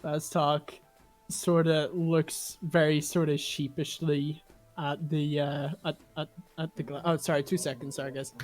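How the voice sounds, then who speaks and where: A man's voice: fairly high pitch, flat delivery, measured pace, faint music behind. A man chatting as a player in a tabletop game, apologetic and laughing. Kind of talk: casual game table chat.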